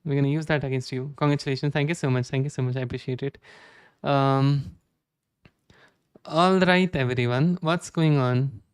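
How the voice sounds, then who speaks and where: A man's voice: mid-range voice, fairly even intonation, moderate pace, pauses often, clean tone, no echo, studio quality. A man in his twenties chatting casually with viewers during a live coding stream, self-deprecating and often restarting his sentences. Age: 20s.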